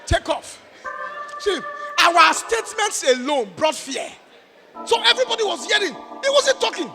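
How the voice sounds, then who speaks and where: High-pitched Nigerian preacher telling a story. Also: male voice, normal speed. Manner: animated, shifting between shouts and murmurs. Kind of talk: sermon storytelling. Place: church hall. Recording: reverberant church hall with faint music.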